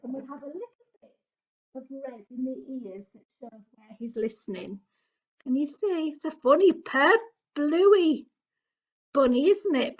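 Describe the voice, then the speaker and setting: High, slow-talking British woman presenter. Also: pushed and bright. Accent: British English. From England. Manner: chatty, exclamatory, talks straight to small children. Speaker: children's activity presenter. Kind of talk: children's craft demonstration. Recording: dull lo-fi recording.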